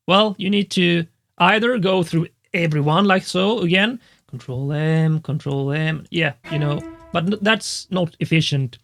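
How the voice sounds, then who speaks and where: Male music educator, high and creaky voice, casual step-by-step tutorial delivery with lots of fillers. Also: unhurried, fairly bright tone. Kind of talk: screen-recorded software tutorial.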